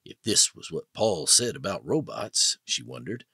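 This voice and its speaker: A man narrating an audiobook in a dramatic, expressive way. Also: sits low, unhurried, vocal fry, slightly rough, dry recording, studio quality. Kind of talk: scripted narration.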